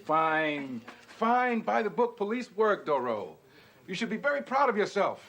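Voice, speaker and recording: A sarcastic police chief. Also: male voice, sits high, big pitch swings, unhurried, creaky, a bit bright, exaggerated voice. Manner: sarcastic, mocking.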